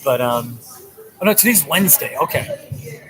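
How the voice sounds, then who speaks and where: A man's voice: fairly high pitch, wildly swooping pitch, normal speed, a bit bright, low-quality recording. A man live streaming from a coffee shop, chatting casually and animatedly with his viewers and laughing often. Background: music playing.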